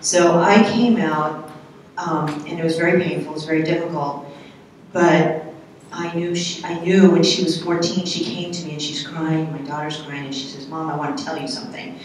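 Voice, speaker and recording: A middle-aged woman speaking on a panel, telling a personal story in a candid, halting, soft-spoken way. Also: low voice, steady tone, a little hiss or hum. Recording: echoey hall from far off.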